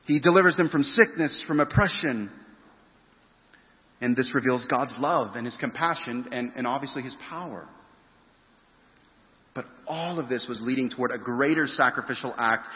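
A man preaching a sermon in a church hall, his voice trailing off into long reverb. He is earnest and emphatic, leaning hard on key phrases and drawing some out slowly. The recording sounds muffled and a little dull. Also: medium pitch. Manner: earnest, emphatic preaching with rising stresses and slow drawn-out phrases. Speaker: pastor. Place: church sanctuary.

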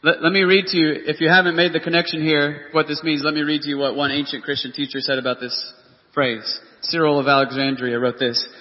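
A man's voice: a little high, flat delivery, a little fast. A man preaching a sermon as pastor, earnest and full of rhetorical questions. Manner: earnest, rhetorical questions, reads scripture aloud. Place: church hall. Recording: dull lo-fi audio with long church reverb.

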